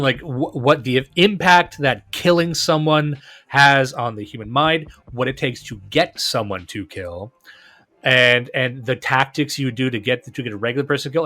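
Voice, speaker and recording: A man's voice: mid-range voice, a bit bright. A man hosting a podcast, talking casually and enthusiastically, often restarting and repeating words. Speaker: podcast host.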